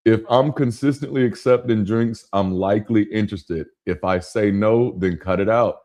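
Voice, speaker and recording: A Southern US man in his thirties, with a Southern accent, hosts a casual live chat, telling jokey stories as an animated storyteller who laughs often. He talks at a moderate pace with a lowish voice and hardly any pauses.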